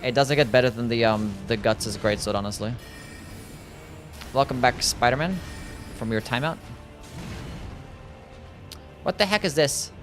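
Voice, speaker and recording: A man with a light Australian accent chats through a game stream in an easy, unhurried way, trailing off into fillers and laughing often. His voice sits at an ordinary middle pitch, with faint game music running underneath. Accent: mild Australian. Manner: laid-back, easygoing, laughs often, loose with fillers. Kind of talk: casual livestream gameplay chat, reading chat aloud.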